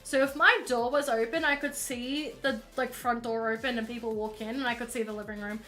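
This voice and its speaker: A woman's voice: a little high, fairly even intonation, fairly quick, bright, forceful tone. A woman streamer telling a story casually, rambling along with plenty of fillers while she paints at home.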